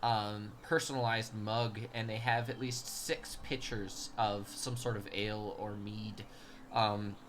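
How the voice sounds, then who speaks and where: A man's voice: fairly low pitch, little pitch movement, slow pace, a bit bright, slight background noise. A man narrating a tabletop game as game master, rambling and hesitant with many ums.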